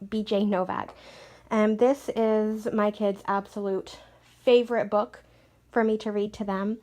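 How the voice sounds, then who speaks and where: Young mom chatting about a kids book, lots of ums, mid pitch. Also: female voice, little pitch movement, measured pace, dark tone. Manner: chatty, with frequent "um" fillers. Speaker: parent recommending a read-aloud book. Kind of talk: casual book recommendation.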